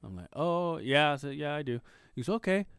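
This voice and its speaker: Animated man telling a story on a podcast. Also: fairly high pitch, a little fast, smooth, dry recording, studio quality. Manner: animated storyteller acting out quoted people, swearing freely. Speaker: podcast co-host. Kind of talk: casual storytelling chat.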